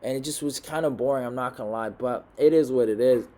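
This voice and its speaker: Young guy ranting about fights, cussing a lot, middle pitch voice, gets loud when he's mad. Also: fast talker. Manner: blunt and profane, swings into loud rants. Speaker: MMA commentator. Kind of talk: casual fight recap monologue.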